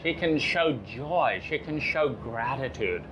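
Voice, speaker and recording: A man giving a motivational self-help talk, pausing often with fillers and firing off rhetorical questions. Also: mid-range voice, expressive, muffled recording, background noise. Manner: slow, halting with frequent fillers.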